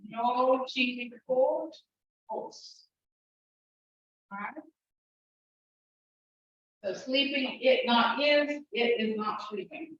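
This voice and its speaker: A woman teaching an evening language class, walking students through each step with a patient, encouraging manner and speeding up when she gets excited. Her voice sits a little high. It is picked up from a distance in a strongly echoing classroom, with a dull, muffled sound and faint noise behind. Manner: talks fast when excited. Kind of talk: classroom instruction. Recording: echoey room, distant mic, muffled.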